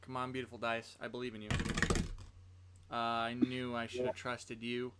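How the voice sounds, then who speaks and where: A man playing at a tabletop gaming session, talking casually and playfully as he lays out his character's moves. His voice sits at a plain middle pitch, easygoing and conversational. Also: completely flat delivery, moderate pace, heavy background noise. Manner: playful, talks through his character's actions. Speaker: player.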